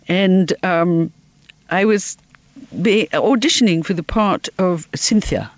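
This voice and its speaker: A woman's voice: fairly low pitch, takes it slowly, dry recording. A woman from Liverpool, a guest in an interview, telling comic anecdotes and laughing often as she talks. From Liverpool, England. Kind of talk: anecdotal storytelling.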